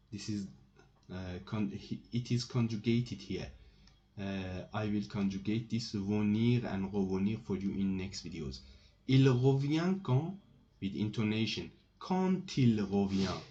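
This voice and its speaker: A man's voice: fairly low pitch, dark tone. A man teaching a language lesson, patiently repeating each example sentence and explaining it step by step. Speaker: French teacher. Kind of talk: slow spoken grammar lesson. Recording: slightly dull lo-fi recording.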